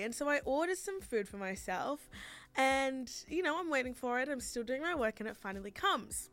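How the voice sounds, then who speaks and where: A woman's voice: high voice, lively intonation, moderate pace, fairly bright tone, soft background music. A young Australian woman hosting a radio show, chatting casually with frequent laughs and rambling asides. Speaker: radio host.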